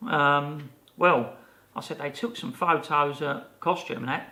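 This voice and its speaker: A podcast co-host in his fifties tells a lively anecdote in casual conversation, acting out the people he quotes. His pitch is medium and his pace moderate.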